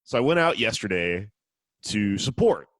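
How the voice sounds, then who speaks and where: A man's voice: lowish voice, big pitch swings, normal speed, no room sound, studio quality. A man hosting a casual podcast, telling a story in a profane, sardonic way. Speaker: podcast host.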